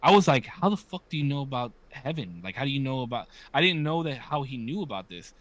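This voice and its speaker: Talking fast with big pitch swings, a man in his 30s co-hosts a podcast in casual, candid chat, cursing a lot and imitating those he quotes. His medium-pitched voice has a fairly bright tone, and there's no room sound.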